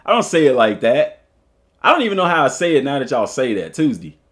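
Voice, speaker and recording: A man's voice: mid-range voice, fast. A man with a Southern US accent, a coach streaming live, reading an article aloud and joking with his viewers in casual commentary. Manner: animated and joking, chats with viewers between read passages. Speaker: streamer and school football coach.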